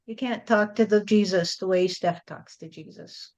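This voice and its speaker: A woman's voice: medium pitch, moderate pace, darkish tone, highs cut off. A woman channeling a spirit and speaking as God, blunt and lecturing, often adding "you see".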